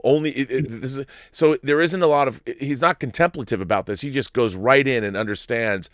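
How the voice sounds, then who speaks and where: A man's voice: medium pitch, animated, fairly quick, no echo, studio quality. A man talking casually about a TV show, rambling and restarting his sentences. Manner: rambling, restarts often, acts out quotes. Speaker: podcast co-host. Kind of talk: casual discussion.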